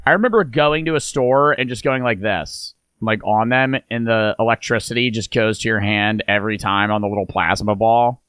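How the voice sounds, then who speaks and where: A man's voice: on the low side, normal speed, few pauses, a bit bright, smooth, no room sound. A young man casually commenting on a video he is watching, chatty, with joking asides. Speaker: reaction streamer.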